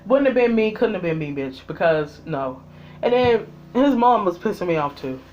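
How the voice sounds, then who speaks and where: Vlogger, mid-pitched voice, profane angry rant, exasperated, loud outbursts and low muttered asides, faint hum in the background. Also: animated, moderate pace, dull audio. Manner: heated and exasperated, heavy swearing, talks straight at the absent characters. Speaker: vlogger reviewing a TV series.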